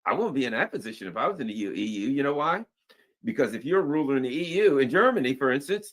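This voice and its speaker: An animated man talks through world news in a loose, rambling commentary. His pitch swings widely as he gets worked up, and he slips into quick impressions of the people he's quoting. The tone stays casual and conversational throughout. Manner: animated, acts out quoted voices, rambling asides. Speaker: political commentary host.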